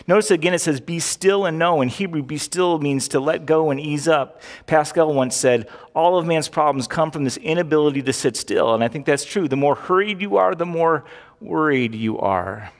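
A man's voice: fairly high pitch, normal speed. A man preaching a sermon as pastor, talking in a conversational, jokey way with emphatic rises. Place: church sanctuary. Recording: long hall reverb from a church.

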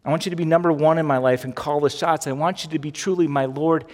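A man's voice: a little high, steady tone, fast. A man preaching a sermon as pastor, talking conversationally and asking the congregation direct questions. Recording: long hall reverb.

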